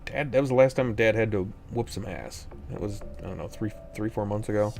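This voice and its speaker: Casting: young male streamer, low voice, rambling exasperated storyteller, faint music underneath. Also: fairly quick, gravelly. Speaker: gaming streamer. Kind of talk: casual chat while gaming.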